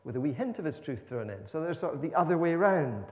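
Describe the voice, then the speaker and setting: A man's voice: on the high side, very animated, fast, darkish tone. A man preaching a sermon in a church, explaining in a conversational way with asides. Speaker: minister. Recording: long church reverb.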